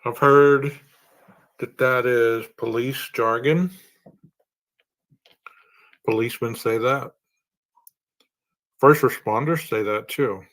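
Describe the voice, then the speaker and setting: A man speaking slowly and deliberately in a true-crime podcast monologue. He reasons aloud, stacking one rhetorical question on another. His voice sits at an ordinary middle pitch. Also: a bit bright. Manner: poses long strings of rhetorical questions. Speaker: podcast host.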